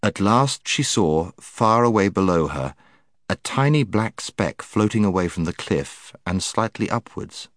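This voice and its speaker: A man reading a children's storybook aloud with expressive narration, changing his voice for the characters. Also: fairly low pitch, unhurried, no room sound, clean studio sound. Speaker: audiobook narrator.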